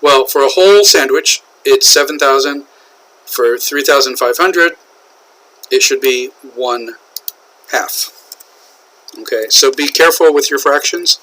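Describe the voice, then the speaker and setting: Slow, bright-voiced American male teacher. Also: medium pitch, low-quality recording. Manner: slow, repetitive explaining with frequent "okay?" checks. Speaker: English teacher. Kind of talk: classroom lecture on English usage.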